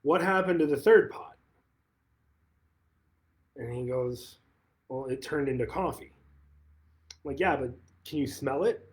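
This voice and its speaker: A man's voice: medium pitch, measured pace, long pauses. A man who manages a real estate office, talking casually on a livestream and retelling a conversation, often repeating and restarting phrases.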